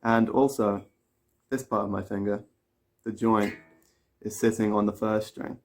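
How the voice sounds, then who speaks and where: A low-voiced man teaches guitar in a casual way, explaining step by step, a little slowly and with fairly even intonation. While playing, he counts and sings pattern syllables. His loud acoustic guitar playing sounds over his voice.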